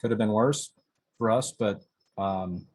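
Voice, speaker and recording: Man from North Iowa, interviewee, husky voice, animated storyteller. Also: fairly low pitch, measured pace. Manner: vivid storyteller acting out quoted voices. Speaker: interviewee, eyewitness. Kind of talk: recounting a personal story.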